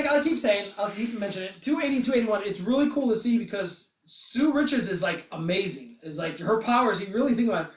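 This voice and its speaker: A man hosting a podcast and chatting about comics. He rambles, laughs often and slips into a high voice to act out quotes. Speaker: podcast host reviewing comics. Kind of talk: casual podcast chat. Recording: roomy echo, distant from the mic.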